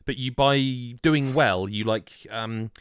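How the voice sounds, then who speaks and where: A man's voice: mid-range voice, slow pace, dry recording, clean studio sound. A man co-hosting a gaming podcast, chatting casually and laughing as he tells stories. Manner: animated, laughs while telling stories. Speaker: podcast co-host. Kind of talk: casual chat.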